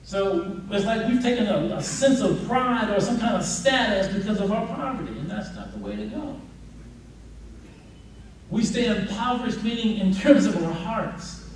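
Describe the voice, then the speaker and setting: A man teaching a religious class, telling stories in a lively, colloquial way and addressing the audience directly. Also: high voice. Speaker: Islamic teacher. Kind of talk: lecture with storytelling. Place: mosque or Islamic center hall. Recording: echoey hall, mic far off, faint noise.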